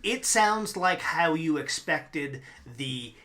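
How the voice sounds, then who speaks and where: A man co-hosting a podcast, relaxed, agreeing and filling in plot details in casual movie chat. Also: on the high side, takes it slowly. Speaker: podcast co-host.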